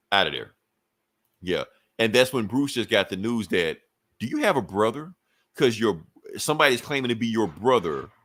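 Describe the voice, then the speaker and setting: Podcast host, man, lowish voice, rambling, cussing, dry close mic. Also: pushed and bright, dry recording. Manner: profane, rambling retelling with quick voiced asides. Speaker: podcast co-host recapping a comic. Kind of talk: casual comic book recap chat.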